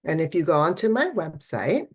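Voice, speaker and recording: A woman's voice: deep voice, very animated, normal speed, breathy edge. A woman art therapist giving a festival talk, encouraging and conversational, often checking in with "right?".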